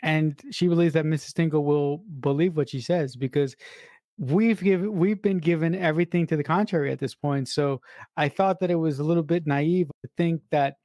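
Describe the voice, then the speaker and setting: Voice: medium pitch, normal speed, warm tone, no echo. Enthusiastic podcast co-host, dry sound. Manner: enthusiastic, emphatic, swears casually. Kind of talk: casual film-review chat.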